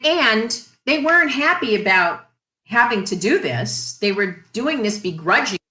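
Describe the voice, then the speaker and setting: A woman telling stories as an interview guest, animated and lively in her telling. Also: on the high side, unhurried. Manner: animated storyteller. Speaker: guest, radio industry executive. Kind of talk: casual interview storytelling. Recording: roomy echo.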